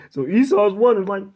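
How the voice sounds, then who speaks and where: A male preacher with a fairly high voice delivers a sermon and reads scripture aloud. He talks haltingly, repeats himself, fills pauses and drops in profane asides. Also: dark tone.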